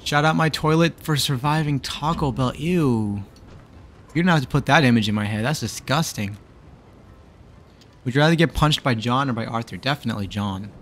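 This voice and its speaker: A man's voice: medium pitch, normal speed, slight background noise. Man bantering with his stream chat. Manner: bantering with chat, teasing and exasperated. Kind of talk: casual live-stream chat.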